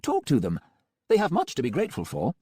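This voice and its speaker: A man's voice: medium pitch, huge pitch swings, quick pace, dark tone, slightly rough, no room sound, clean studio sound, pitched above the performer's own voice. A man voicing a callous male doctor who runs a cyborg ward, breezy and condescending. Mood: smug.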